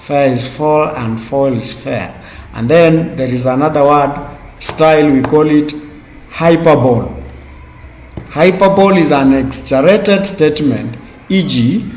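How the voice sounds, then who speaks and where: A man teaching a class, speaking slowly and deliberately, repeating key terms and spelling words out letter by letter. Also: a little high, slight background noise. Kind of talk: classroom lecture. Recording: echoey room with long reverb.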